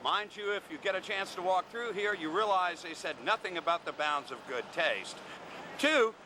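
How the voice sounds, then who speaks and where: A man's voice: high voice, low-quality recording. A man from the American South giving a walking tour outdoors at a city market, wry and joking as he tells stories. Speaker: tour guide. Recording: loud outdoor street noise.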